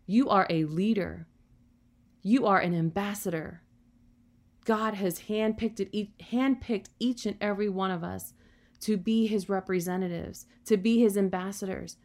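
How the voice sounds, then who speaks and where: A woman delivers a sermon in a mid-pitched voice. She speaks earnestly and encouragingly, slipping in "you know" often as she builds her points. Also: measured pace, a little mellow. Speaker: preacher.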